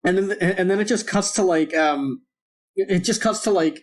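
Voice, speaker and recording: A man's voice: sits high, normal speed. A man co-hosting a podcast, telling a long story in a rambling, digressive way. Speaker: podcast co-host. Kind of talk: casual podcast chat.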